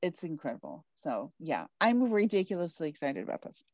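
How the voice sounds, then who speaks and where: A woman's voice: low voice, sing-song, fairly quick, a little mellow, dry recording. Bubbly gushing woman podcast host. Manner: bubbly and gushing, laughs often. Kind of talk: casual interview chat.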